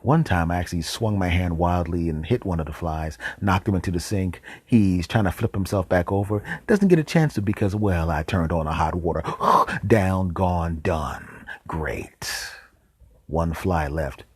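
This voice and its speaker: Deep-voiced man telling a comic story. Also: measured pace, slightly rough, dry recording. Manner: animated, with whispered deadpan asides. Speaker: show host.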